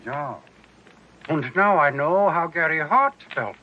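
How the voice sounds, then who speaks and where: A feeble old professor. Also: male voice, a little high, animated, takes it slowly, highs cut off, slight background noise. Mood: defensive. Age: older. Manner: accented, whining denials. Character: feeble old male professor, exposed war criminal. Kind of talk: 1980s TV comedy acting.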